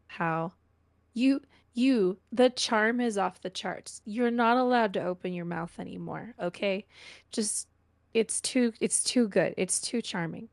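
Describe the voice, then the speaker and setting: A woman's voice: mid-range voice, creaky, no echo. A woman giving playful, meandering praise to fellow players after a tabletop session, hesitant and full of fillers. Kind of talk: casual post-session chat.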